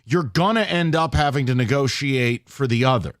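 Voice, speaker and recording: A man's voice: mid-range voice, normal speed, dry recording. A male sports talk radio host ribs his co-host with blunt, sarcastic jabs. His voice sits in an ordinary middle range. The studio sound is dry and close. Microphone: studio mic.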